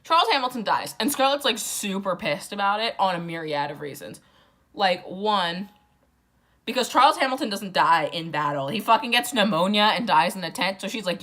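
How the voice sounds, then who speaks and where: A young woman, a little drunk, summarizing a classic book with crude, sarcastic rambling. Her voice is bright and forward, sitting at an ordinary pitch. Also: expressive, moderate pace. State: tipsy. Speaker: book vlogger.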